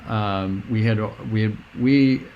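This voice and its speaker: A middle-aged man, a guest, telling a personal story in an earnest, meandering, halting way. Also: on the low side, muffled recording, slight background noise.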